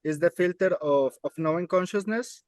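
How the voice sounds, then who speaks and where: A man's voice: high voice, normal speed, darkish tone, dry recording, low-quality recording. A man taking part in a workshop, carefully reading out academic comments with some hesitation. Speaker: workshop participant.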